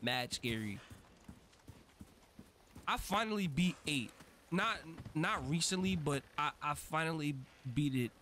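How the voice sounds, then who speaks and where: Chatty, excitable man, slightly high voice. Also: measured pace, pauses often, slight background noise. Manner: chatty and excitable, swears freely, talks a lot when nervous. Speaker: gaming channel host. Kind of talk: casual let's-play commentary.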